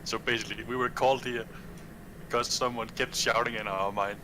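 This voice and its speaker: A man taking part as a player in a casual tabletop role-play game, talking in a plain, measured way. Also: mid-range voice, steady tone, bright, forceful tone, a little hiss or hum, poor audio.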